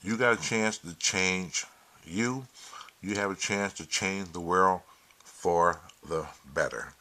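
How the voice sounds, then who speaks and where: A man vlogging a casual monologue to camera, preachy and emphatic with plenty of swearing, who gets loud and heated when retelling stories. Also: sits low, expressive, a little slow.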